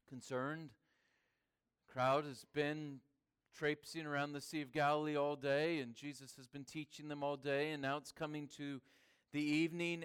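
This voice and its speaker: A man preaching a sermon, swinging between hushed, quiet passages and emphatic, raised lines. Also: fairly high pitch, clear, resonant tone. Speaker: pastor.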